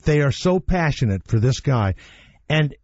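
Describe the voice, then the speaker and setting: A man's voice: mid-range voice, unhurried, no room sound, dull audio. A man hosting a talk radio show, telling stories in an opinionated, blunt way with some swearing. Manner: opinionated, animated storytelling with blunt profanity. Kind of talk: casual talk radio chat.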